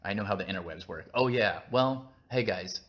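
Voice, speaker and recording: A man with a fairly low voice rambles through a casual live stream, goofy and self-mocking. He talks while eating, recorded on a phone, and wanders loosely from thought to thought. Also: moderate pace, fairly bright tone. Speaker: channel host.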